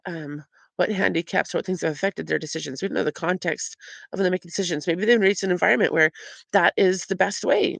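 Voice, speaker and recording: A woman's voice: lowish voice, creaky, dry recording. A middle-aged woman sharing a heartfelt, openly emotional personal faith reflection as a vlogger.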